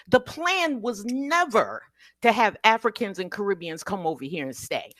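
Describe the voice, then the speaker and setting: A woman's voice: medium pitch, animated, normal speed, a bit bright, dry recording. An American woman calling in to an online talk show and giving an emotional speech with a preacher-like cadence. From United States. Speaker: caller. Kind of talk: impassioned call-in speech.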